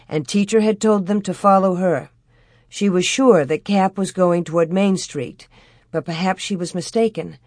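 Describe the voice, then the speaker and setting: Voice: medium pitch, a little mellow, dry recording. Dry, close-miked audiobook narrator. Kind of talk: scripted storybook narration.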